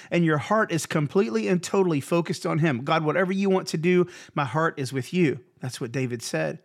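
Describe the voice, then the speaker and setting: A man hosting a devotional podcast, preaching in an earnest, encouraging way and repeating phrases for emphasis. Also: a little high. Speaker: pastor and podcast host. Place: Houston area.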